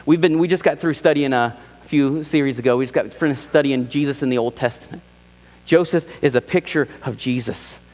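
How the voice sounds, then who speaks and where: Man preaching in an echoey church. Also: medium pitch. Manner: animated preaching, acts out quoted voices, repeats phrases for emphasis. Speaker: pastor. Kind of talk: sermon. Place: church sanctuary.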